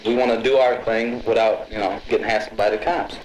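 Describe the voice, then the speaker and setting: A man's voice: lowish voice, steady tone, fairly quick, slight background noise. A man in a street group, talking earnestly and arguing his point in a group discussion. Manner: earnest, argumentative. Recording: roomy sound with a crowd around.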